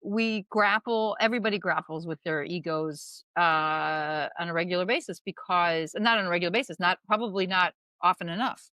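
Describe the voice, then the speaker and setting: A woman who is a guest comedian and acting teacher, chatting casually on a podcast in a rambling, animated way full of "you know". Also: on the low side, moderate pace, few pauses, no echo.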